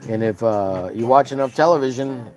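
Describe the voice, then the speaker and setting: A man's voice: medium pitch, normal speed, a little mellow. A man from Texas streaming while he draws, chatting casually and rambling through stories with many fillers. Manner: rambling, filler-heavy storytelling. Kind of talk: casual chat while drawing live.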